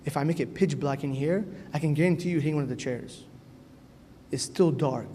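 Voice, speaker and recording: In an echoey church hall with faint background noise, a male priest preaches to young people. He keeps it earnest and conversational, frequently checking in with "right?", his voice a little high, a little fast and dark in tone.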